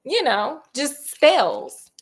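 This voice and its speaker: A woman casually retelling a horror novel, animated and slangy, full of joking asides to her listener. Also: sits high, drawn-out words, slight background noise. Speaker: storyteller.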